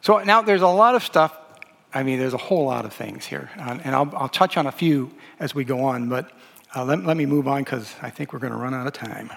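A man's voice: mid-range voice, fairly quick, gravelly, fairly bright tone. A man teaching a Bible lesson, talking loosely with many fillers and restarts as he reads and explains. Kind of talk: lecture on a gospel. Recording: long hall reverb.

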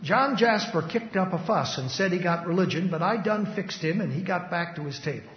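A man voicing a harsh, gruff factory overseer with a rough, bellowing manner. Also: sits high, expressive, a little fast. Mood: dismissive. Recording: echoey hall, dull lo-fi sound.

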